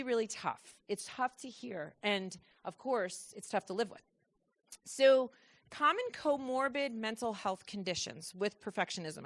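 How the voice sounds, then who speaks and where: Lively woman presenting to parents. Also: a little high. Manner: lively, asks audience questions; acts out kids' thoughts in quoted voices. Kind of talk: presentation to an audience.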